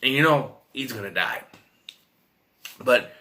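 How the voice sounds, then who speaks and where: A man's voice: mid-range voice, animated, slow, bright, forceful tone. A man giving a casual, rambling film review, retelling scenes and quoting characters, with frequent restarts and fillers. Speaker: movie reviewer.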